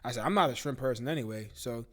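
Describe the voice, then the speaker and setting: A man hosts a live-stream talk show, ranting casually with profanity and disbelief. He talks fast in a mid-range voice that's a bit bright.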